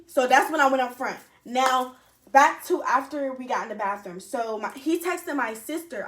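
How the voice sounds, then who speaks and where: A young woman telling a rambling, animated storytime with slang and cursing. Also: fairly high pitch. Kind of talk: casual storytime. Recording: echoey room.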